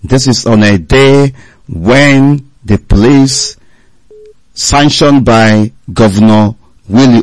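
A man's voice: mid-range voice, dry recording, low-quality recording. Emphatic male radio presenter, dry sound. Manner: declamatory, emphatic. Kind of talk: live radio commentary.

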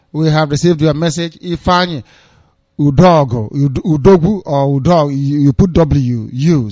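A male call-in radio host with a somewhat high voice who talks in a formal, polite way and repeats his lines. The sound is dry and muffled, like a broadcast with a narrow frequency range. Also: darkish tone, no room sound. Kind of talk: live call-in radio hosting.

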